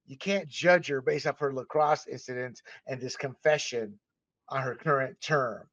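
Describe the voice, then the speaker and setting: A man from Panama hosting a podcast, delivering an impassioned, emphatic opinion monologue that swings between loud and soft. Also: mid-range voice, moderate pace, no room sound. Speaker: podcast host. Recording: dull, slightly muffled dry recording.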